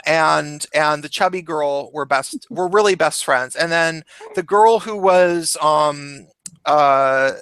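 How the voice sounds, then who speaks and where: A young man with a high, bright voice hosts a loose group chat, telling a story with lots of laughter and sudden leaps in pitch as he acts out quotes. The sound is close and dry, with no room echo. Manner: swears casually, laughs often. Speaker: host.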